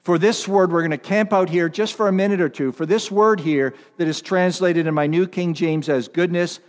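A pastor preaching a sermon, stressing and repeating key words, swinging from loud declarations to hushed, low lines. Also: male voice, moderate pace, long reverb tail.

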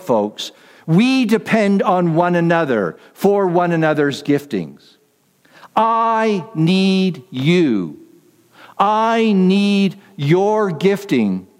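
Male pastor preaching in a reverberant hall. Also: a little high. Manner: deliberate, repetitive emphasis with slowed key phrases; self-deprecating asides. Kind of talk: sermon.

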